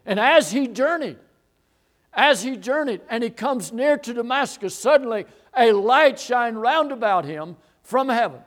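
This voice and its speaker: A man preaching a sermon who explains a Bible passage, repeats phrases for emphasis and swells into loud declarations. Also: extremely high pitch, expressive, a little slow. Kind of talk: sermon, expository Bible teaching.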